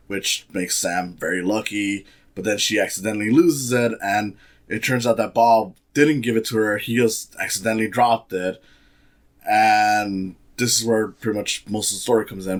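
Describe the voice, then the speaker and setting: Male podcast host in a fairly low register, rambling and sardonic through a casual film review. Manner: rambling, sardonic, many fillers.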